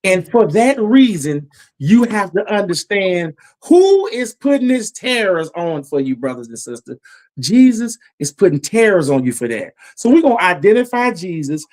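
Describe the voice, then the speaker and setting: A man's voice: high voice, big pitch swings, normal speed, darkish tone. A man preaching a Bible lesson about judgment, emphatic and repetitive, his voice climbing as he warns. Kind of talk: Bible teaching sermon.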